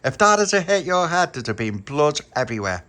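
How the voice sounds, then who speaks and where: A man's voice: a little high, very animated, fairly quick, bright, forceful tone, pitched above the performer's own voice. A man voicing a tough young girl with a matter-of-fact way of talking.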